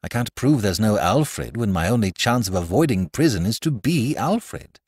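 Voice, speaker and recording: A man's voice: lowish voice, big pitch swings, moderate pace, darkish tone, husky, no room sound. A worried young man in a fix, glum and agitated, voice rising when pressed, as a male narrator plays him. Recorded close and dry.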